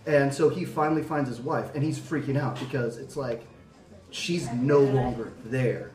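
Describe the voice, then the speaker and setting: A man's voice: mid-range voice, steady tone, normal speed, darkish tone, faint music behind. A young adult man in casual podcast chat, telling a story earnestly with many fillers. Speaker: podcast panelist. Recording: roomy, from a distance.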